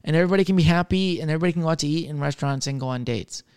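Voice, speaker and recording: A young man riffs alone on his comedy podcast, rambling and cursing casually as he goes. His voice sits a bit high and comes through smooth and clear. The sound is close and dry, with no room around it. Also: rapid-fire, darkish tone, no room sound. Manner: loose, rambling, swears freely, laughs at himself. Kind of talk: casual solo chat.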